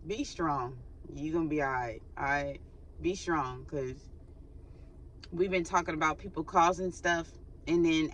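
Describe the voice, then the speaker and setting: Bright-voiced lady doing a casual spiritual reading, chatty, forgot her mic. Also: sits low. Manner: chatty, laughs often, acts out quoted sighs. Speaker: faith channel host giving a spiritual reading. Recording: recorded without her microphone.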